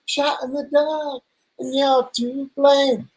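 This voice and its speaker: A man's voice: extremely high pitch, little pitch movement, slow, poor audio. Joking man in his fifties hosting. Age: 50s. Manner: teasing, storytelling, self-mocking. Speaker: show host. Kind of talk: casual joking chat.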